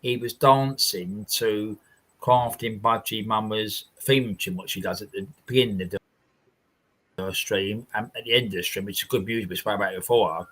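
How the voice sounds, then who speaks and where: A man's voice: on the low side, steady tone, normal speed, fairly bright tone. A man with a London accent hosting a casual livestream chat from home, rambling and repeating himself. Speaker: livestream host.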